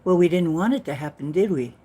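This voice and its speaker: A woman's voice: fairly low pitch, animated, fast, warm tone, husky. A woman giving an earnest, rambling spiritual talk, telling a story with many restarts. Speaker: spiritual channel host.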